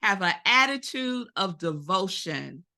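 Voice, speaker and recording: Animated woman minister preaching. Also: medium pitch, unhurried. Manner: animated storytelling, addresses congregation directly. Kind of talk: Sunday sermon. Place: spiritual center service.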